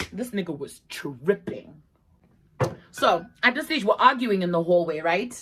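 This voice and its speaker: A woman's voice: on the low side, animated, unhurried, breathy edge, poor audio. A young woman from Zimbabwe telling a story on her vlog, retelling it dramatically with acted-out quotes and plenty of swearing.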